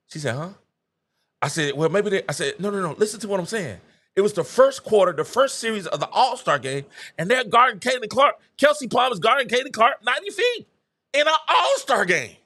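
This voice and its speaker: A man hosting a live sports talk show, excitable and chatty, breaking into laughter and acting out conversations as he talks. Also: high voice, a little fast. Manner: excitable, laughs mid-sentence, acts out quoted exchanges. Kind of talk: animated live sports commentary.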